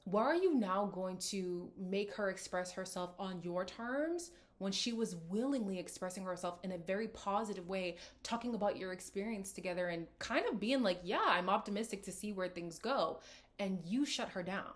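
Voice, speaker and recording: A woman's voice: medium pitch, moderate pace, few pauses. Sarcastic woman reacting to reality TV. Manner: sarcastic, animated, exasperated. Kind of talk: casual reaction commentary.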